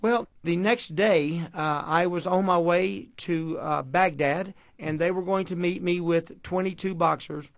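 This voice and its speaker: Gravelly folksy storyteller. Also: male voice, high-pitched, unhurried, few pauses, dry recording, studio quality. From Houston, Texas. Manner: folksy, animated storyteller acting out dialogue. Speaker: boxing coach. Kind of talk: storytelling interview.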